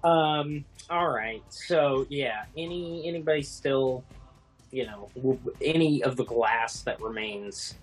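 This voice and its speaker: A mid-pitched man plays a tabletop game, rambling as he describes his move. He chuckles between phrases, with faint music behind. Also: slow. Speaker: player. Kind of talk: casual tabletop play.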